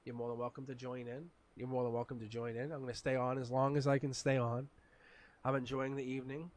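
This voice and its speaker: Raspy chatty man reading tarot live. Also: medium pitch, fast. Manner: chatty and animated, laughs often, talks to chat. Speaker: tarot reader.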